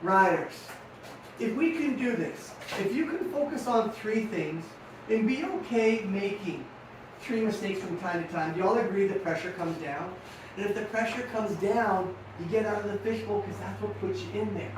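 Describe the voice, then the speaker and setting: A middle-aged man giving an energetic motivational talk to young riders as their coach, telling stories and acting out the dialogue. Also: high-pitched, moderate pace, noisy background. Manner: energetic, storytelling, acts out dialogue. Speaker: riding coach. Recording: echoey room, far from mic.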